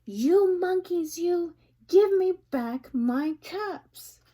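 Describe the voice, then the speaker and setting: Angry storybook peddler , put on by a woman: shouts and scolds, pitched up, slow and emphatic. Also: expressive, heavily acted. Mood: angry scolding. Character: angry grown male cap peddler.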